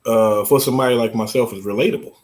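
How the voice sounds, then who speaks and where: A man's voice: medium pitch, steady tone, fast, darkish tone. A man co-hosting a casual interview, talking earnestly and repeating words as he builds his point. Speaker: co-host.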